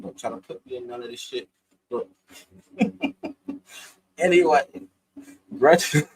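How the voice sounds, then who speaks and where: A man's voice: mid-range voice, a little hiss or hum, poor audio. A man casually recapping a reality show, slangy and profane, laughing often as he talks. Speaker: reality TV reviewer.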